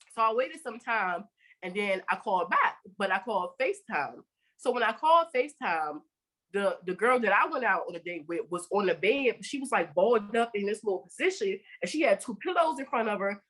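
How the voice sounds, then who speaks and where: A woman's voice: medium pitch, lively intonation, fairly quick, fairly bright tone, low-quality recording. A woman hosting a podcast, telling a story in casual chat and acting out both sides of the dialogue with plenty of swearing. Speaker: podcast host.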